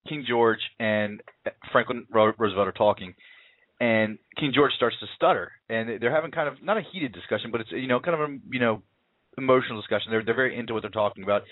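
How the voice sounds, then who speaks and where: An American film reviewer chats casually about a movie he saw, rambling with lots of fillers and restarts. His voice sits at a medium pitch, with no echo, over a tinny, phone-like line.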